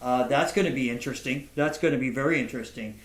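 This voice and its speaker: Halting, laughing man host in an echoey room. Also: medium pitch. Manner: halting, repeats words, laughs often. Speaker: podcast host. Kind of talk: casual interview chat and storytelling.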